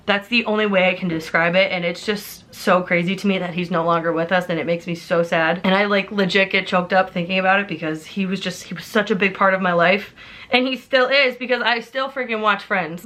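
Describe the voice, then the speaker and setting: A book vlogger in her twenties rants casually in a medium-pitched, sharp-toned voice. She's heartfelt and emphatic, throwing in lots of "like" and pointed asides in this chatty rant.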